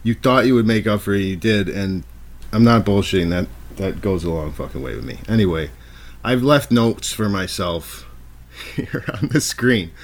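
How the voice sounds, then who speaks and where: A man's voice: fairly low pitch, expressive, moderate pace. A man hosting a casual podcast, teasing his guest and swearing a lot. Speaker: podcast host.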